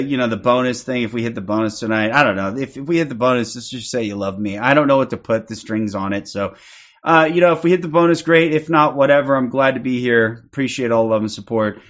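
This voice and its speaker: A man's voice: mid-range voice, fast, fairly bright tone. A man livestreaming, telling a rambling story to his chat, swearing a lot and laughing often. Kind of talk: casual storytelling to a live chat. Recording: dull lo-fi stream audio with faint crowd.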